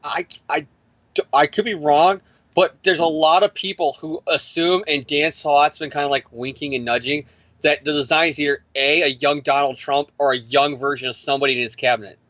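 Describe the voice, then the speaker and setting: Man, comic podcast co-host, profane and ranting, slightly high voice, bright tone, dry dull recording. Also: steady tone, normal speed, no room sound. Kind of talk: casual comic-book discussion.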